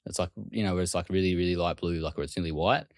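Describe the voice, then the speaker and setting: Speaking as a guest, this deep-voiced Australian man moves through his story at a brisk clip, casually slipping into quick impressions of what others said. The recording is dry and close.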